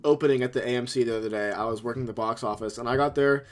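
A young man co-hosting a podcast, telling a story in casual chat with animated energy. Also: mid-range voice, very fast. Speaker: podcast co-host.

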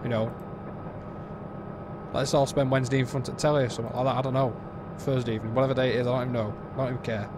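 A man's voice: mid-range voice, level tone, rapid-fire, background noise. A British man giving a casual, blunt and exasperated game review, rambling with frequent restarts.

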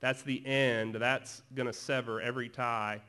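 A man giving a chapel sermon in a school performing arts center, telling the story in a conversational, animated way with quick asides. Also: mid-range voice, clean tone. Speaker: chapel speaker. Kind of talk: casual sermon.

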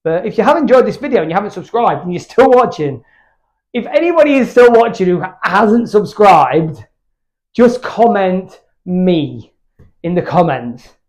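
A man's voice: sits high, a little mellow. A British man chatting candidly between workout sets in his home gym, rambling and swearing freely. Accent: British English. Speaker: fitness YouTuber.

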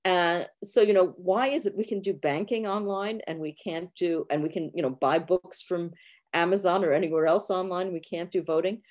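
Low-voiced woman, frank explainer. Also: normal speed, a little mellow. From New York. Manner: frank, explanatory, many fillers. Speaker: guest professor. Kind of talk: online Q&A answers. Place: video call.

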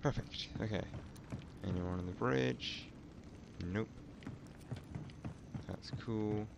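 A young man commenting on his gameplay, swearing often and complaining loudly when he loses. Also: lowish voice, takes it slowly, vocal fry, background noise. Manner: swears a lot, exasperated outbursts. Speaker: gaming channel host.

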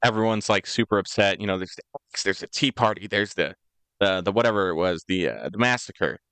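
A young American man co-hosts a podcast, telling history in a rambling, joking, casual way and putting on voices for quotes. His fairly low voice moves a little fast and sounds sharp, clear and resonant on a dry recording.

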